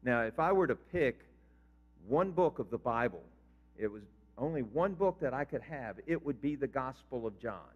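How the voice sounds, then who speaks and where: A man's voice: mid-range voice, animated, moderate pace. An older man, a pastor, preaching a sermon in a conversational way and quizzing his congregation. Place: church sanctuary. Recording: reverberant hall, dull lo-fi sound.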